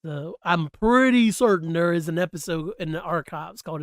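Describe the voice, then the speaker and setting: A man hosting a solo podcast in a relaxed, slangy, rambling chat on a close mic. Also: fairly high pitch, moderate pace, no echo. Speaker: podcast host.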